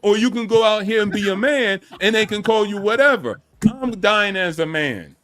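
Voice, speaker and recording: A man with a somewhat high voice holds forth in a casual podcast debate. He talks in street slang and leans hard on his punchlines, then drops to a low mutter. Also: expressive, normal speed. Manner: emphatic, slangy, swings from loud to low. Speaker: podcast co-host.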